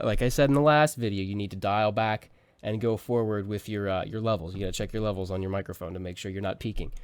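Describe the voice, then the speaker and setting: A man's voice: medium pitch, a little mellow, dry recording. A young man casually teaching voice acting at home, rambling with fillers and restarts into a close mic. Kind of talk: casual tutorial talk. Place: small home room.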